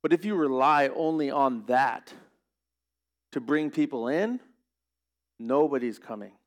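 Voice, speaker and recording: Male pastor, mid pitch, earnest sermon delivery, pushes into emphatic rhetorical questions. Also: unhurried.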